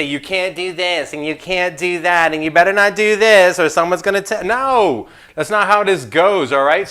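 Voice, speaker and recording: A man leads an insurance licensing class in a loose, joking lecture. His voice sits a little on the high side, and he jumps into playful asides and trash talk. His delivery stays animated and conversational. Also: clean tone.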